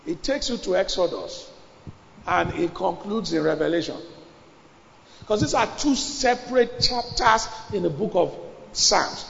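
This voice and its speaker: A man preaches with a high, gravelly voice, driving his points home and repeating phrases as he builds to shouts. The sound is dull and lo-fi, with long reverb from a large hall. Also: lively intonation, unhurried, a little hiss or hum. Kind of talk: sermon.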